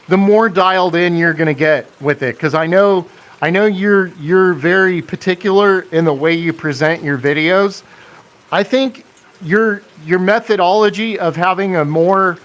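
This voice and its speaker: Slow-talking man hosting a live stream. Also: on the high side, fairly bright tone. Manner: chatty, reads and answers viewer comments, laughs often. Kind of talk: casual live stream chat.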